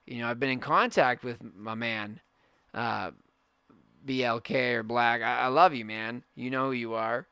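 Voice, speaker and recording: Male podcast host, young adult, earnest reflective monologue, mid-pitched voice, dry close sound. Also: fairly even intonation, measured pace, sharp tone, clear, resonant tone, no room sound. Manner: earnest, rambling with restarts.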